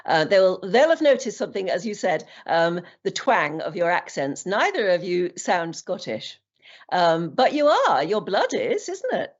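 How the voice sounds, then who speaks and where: A woman's voice: lowish voice, very animated, a little slow. A woman from Britain who is a journalist, interviewing guests and prompting them with questions. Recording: dull lo-fi sound.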